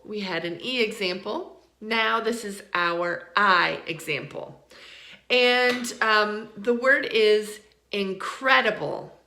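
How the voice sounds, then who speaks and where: A woman teaching English pronunciation in an online lesson, encouraging and repeating words slowly to model them. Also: fairly high pitch, gravelly, pushed and bright, roomy sound.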